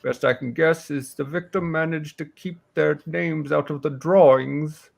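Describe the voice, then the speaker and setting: A man voicing a gruff, blunt old female warrior who speaks slowly and haltingly. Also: fairly high pitch, steady tone, pitched above the performer's own voice, full character voice. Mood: scornful.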